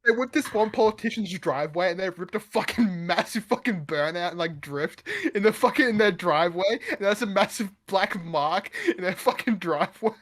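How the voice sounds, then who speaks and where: A man's voice: high-pitched, brisk, hardly any pauses, a bit bright. A young Australian man co-hosting a podcast, casual and laid-back, swearing often and laughing a lot. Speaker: podcast co-host. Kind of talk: casual chat.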